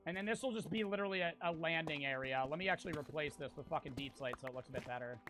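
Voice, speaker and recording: A young man with an American accent, streaming a game live and talking to his chat, profane and quick to get frustrated. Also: on the high side, over music. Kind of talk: casual livestream gameplay chat.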